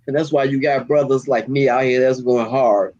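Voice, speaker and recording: A man, a community activist, speaking with deep emotion and street slang in an interview, near tears. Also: fairly even intonation, moderate pace, a little mellow, dull audio. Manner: heartfelt, storytelling, street slang. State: holding back tears.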